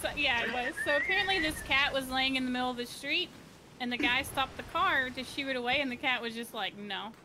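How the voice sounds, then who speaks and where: A woman with a high voice chats easily on a gaming stream, spinning a little story and laughing between lines. Noise sits under the stream audio. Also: fast. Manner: chatty storyteller, laughs often. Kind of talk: casual gaming chat.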